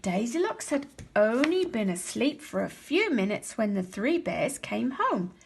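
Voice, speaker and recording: Expressive woman teacher reading a storybook. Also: fairly high pitch, creaky, a little hiss or hum. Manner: expressive, slows for emphasis. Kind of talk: storybook read-aloud.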